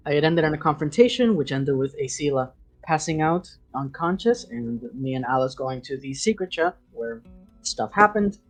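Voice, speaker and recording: A man running a tabletop game, recapping the last session with many pauses and fillers. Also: a little high, big pitch swings, soft background music. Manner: hesitant, filler-heavy recap. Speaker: game master.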